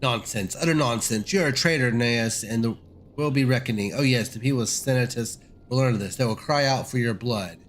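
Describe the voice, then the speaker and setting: A man's voice: mid-range voice, fairly quick, a little hiss or hum, lightly acted. A man voicing an indignant older nobleman who scornfully accuses others of treachery. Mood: outraged. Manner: outraged, accusing.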